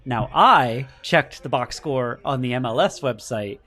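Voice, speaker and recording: A man's voice: mid-range voice, animated, measured pace, fairly bright tone. A man hosting a casual sports podcast, talking in a blunt, wry way and swearing freely. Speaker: podcast host.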